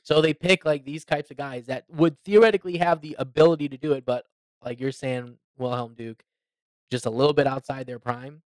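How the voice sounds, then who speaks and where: A man co-hosting a podcast in casual chat, animated and quick to laugh. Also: mid-range voice, dry recording. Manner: animated, laughing, mimics people. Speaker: podcast co-host. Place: podcast studio.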